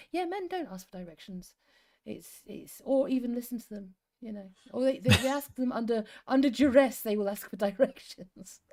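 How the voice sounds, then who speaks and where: A woman in her fifties from England, co-hosting a livestream in a chatty, rambling way and often laughing, who reads stories aloud. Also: mid-range voice. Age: 50s. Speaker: co-host reading stories. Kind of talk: casual livestream chat and story reading.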